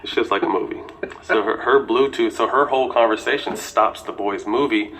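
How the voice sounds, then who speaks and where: A man's voice: on the low side, a little fast, a bit bright, a little hiss or hum, poor audio. A man in his forties telling a personal story casually and candidly, with swearing and lots of "you know".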